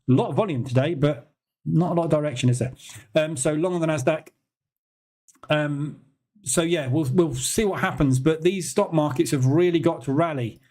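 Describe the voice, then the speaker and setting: Male streamer, live market commentary, casual and incredulous, slightly higher voice. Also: a little mellow. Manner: chatty, incredulous, laughs often. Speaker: trading stream host.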